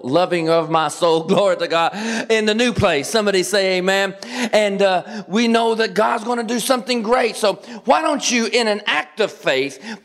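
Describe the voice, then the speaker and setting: A middle-aged man from Kentucky with a Southern accent, preaching as a guest pastor, joking and swinging his pitch up for emphasis. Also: fairly bright tone. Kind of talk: sermon. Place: church sanctuary. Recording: long church reverb.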